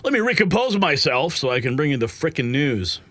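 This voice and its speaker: A man's voice: fairly high pitch, big pitch swings, fairly quick, a bit bright, no room sound. A man hosting a live political news stream, frustrated and agitated, sighing and swearing between headlines. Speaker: livestream news host.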